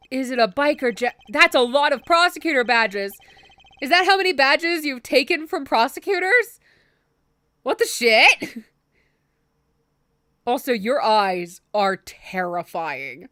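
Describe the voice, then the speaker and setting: A woman's voice: sits high, sing-song, slow pace, pauses often, bright, forceful tone, clear, resonant tone, no room sound. A woman streamer giving casual, joking commentary on a game playthrough, swearing and laughing easily.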